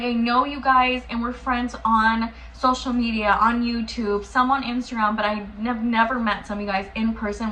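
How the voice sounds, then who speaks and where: A young woman talks straight to the camera in an easy, gushing way, as a beauty vlogger. Her voice sits a touch high and sounds bright. Faint room hiss runs underneath. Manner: chatty, effusive, gushing. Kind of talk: casual talk to camera.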